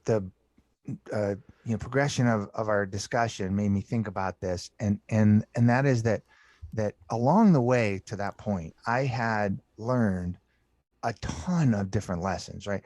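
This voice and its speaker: A middle-aged man, a podcast guest, candidly recounting his life with many halting restarts and repeated words. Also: lowish voice, a little mellow, no echo. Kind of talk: candid personal storytelling.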